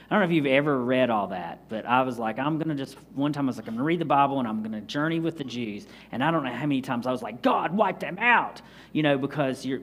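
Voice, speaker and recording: A man preaching a conversational Bible study sermon, acting out scenes with quick asides. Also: medium pitch, a little hiss or hum. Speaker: pastor.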